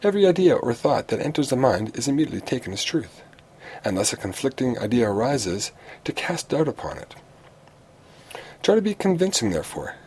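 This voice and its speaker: A man reading a prepared talk of practical advice on public speaking, in a measured, instructive way with the odd small restart. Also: medium pitch, a little mellow, slight background noise.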